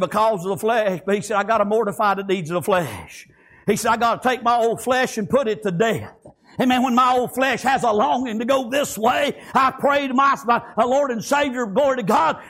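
A very high-pitched man preaches a fervent sermon, breaking into shouts. Every pause gets filled with "praise God" and "amen."

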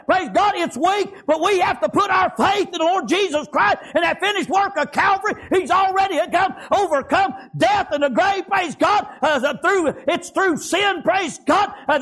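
A man preaching a fervent sermon, breaking into shouts and filling every pause with "praise God" and "amen". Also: very high-pitched.

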